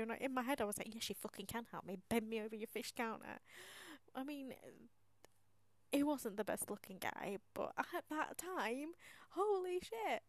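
Woman, casual podcast chat, soft half-whispered delivery, self-mocking, a little high-pitched. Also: animated, normal speed, dry recording. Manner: chatty and self-mocking, laughing, swearing. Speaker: podcast host. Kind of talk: casual confessional monologue.

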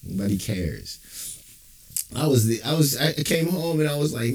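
A man's voice: mid-range voice, normal speed, long pauses. A male comedian doing a rambling, profane stand-up rant with frequent chuckles. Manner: animated, profane, rambling rants with laughs.

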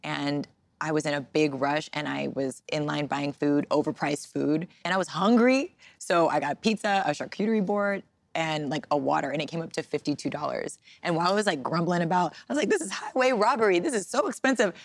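A woman guest chatting in an interview, telling stories in a lively, animated way. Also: deep voice, a little fast, gravelly, no echo. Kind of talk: casual interview chat.

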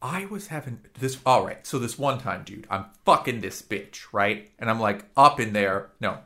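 A man's voice: mid-range voice, expressive, normal speed, sharp tone. A man co-hosting a crude casual podcast, telling a story with many fillers, mocking himself and laughing through it. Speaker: podcast co-host. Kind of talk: crude casual comedy chat.

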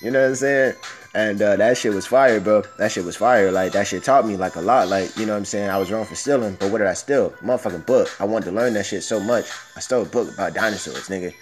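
A young man from Miami hosting a podcast, telling stories in a loose, profane, slangy way with animated asides, recorded on a phone. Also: on the low side, fast talker, soft background music. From Miami, Florida, US. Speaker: podcast host. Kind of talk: casual storytelling monologue.

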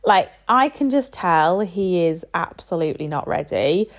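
A woman's voice: on the low side, animated, measured pace. A woman in her thirties, a parent chatting casually and rambling with lots of fillers. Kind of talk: casual chat.

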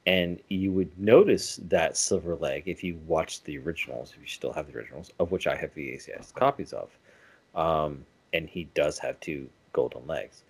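A man's voice: extremely low pitch, moderate pace, slightly rough. A man co-hosting a podcast in casual chat, rambling with many restarts and self-corrections. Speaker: podcast co-host.

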